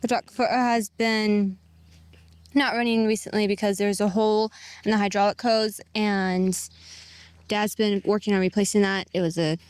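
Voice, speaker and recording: A woman's voice: medium pitch, fairly even intonation, moderate pace, darkish tone, clean tone, no echo. A young woman chatting casually about farm work and broken equipment for her farm vlog, laughing often. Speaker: farm vlogger. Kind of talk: casual chat.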